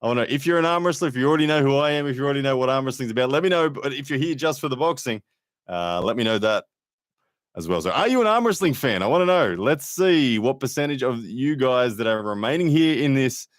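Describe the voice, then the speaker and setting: A man's voice: medium pitch, animated, fast talker, no room sound, studio quality. A man hosting a casual live stream, chatting to viewers and reading out their comments with frequent fillers. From Australia. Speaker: livestream host and arm wrestler.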